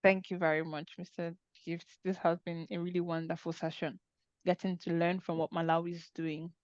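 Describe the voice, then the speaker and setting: A woman's voice: lowish voice, level tone, normal speed, dry recording, lo-fi sound. A woman hosting an online webinar discussion, talking in an earnest, conversational way over a video call. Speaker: webinar host.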